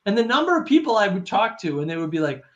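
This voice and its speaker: A man hosting a casual discussion, animated and wry, acting out quoted exchanges. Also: high-pitched, fast, lo-fi sound. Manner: wry, laughs at own points. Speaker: host.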